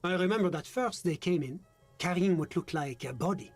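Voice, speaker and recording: A man's voice: high-pitched, lively intonation, a little fast, a little mellow, no room sound, faint music behind. A man voicing a smug, evasive game character with a pompous, flowery way of talking. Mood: recounting.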